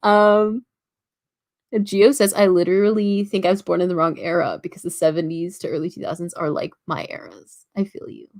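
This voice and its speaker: Young Canadian woman, livestream host, chatty, lots of fillers, reads chat aloud. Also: medium pitch. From Toronto, Canada. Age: about 19. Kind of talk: casual livestream chat reading comments.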